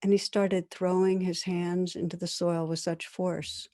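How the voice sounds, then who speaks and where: A woman meditation teacher giving a dharma talk, telling a story in a calm, measured, gentle way. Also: on the low side.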